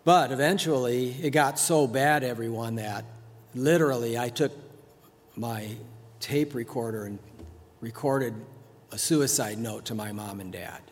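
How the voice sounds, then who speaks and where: A man's voice: medium pitch, measured pace. A middle-aged man preaching a sermon to a congregation, talking in a loose conversational way and chuckling between points. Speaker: pastor. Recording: long hall reverb.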